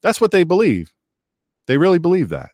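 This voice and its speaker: A man's voice: sits high, huge pitch swings, brisk, darkish tone, no echo, clean studio sound. A man hosting a political talk show, delivering an opinionated, rambling monologue, repeating phrases for emphasis and reading out listener messages. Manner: reads listener chat messages aloud.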